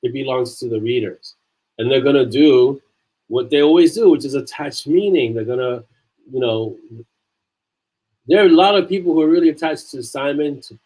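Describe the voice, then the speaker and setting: A man's voice: mid-range voice, darkish tone, slightly rough, low-quality recording. A man, an author hosting a casual livestream chat, talking earnestly and repeating phrases for emphasis.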